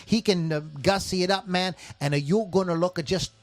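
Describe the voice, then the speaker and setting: A man with a fairly high voice hosts a podcast in loose, casual chat. He rambles, cracks jokes and laughs at his own slips, keeping things playful and unpolished. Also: brisk. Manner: rambling and jokey, often laughing at himself. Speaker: podcast host.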